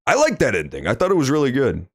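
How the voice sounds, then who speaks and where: A young man streaming a game, reacting loudly and swearing often in casual commentary. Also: mid-range voice, fast, dry recording, studio quality. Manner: animated, reactive, swears often, loud outbursts. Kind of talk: let's play commentary.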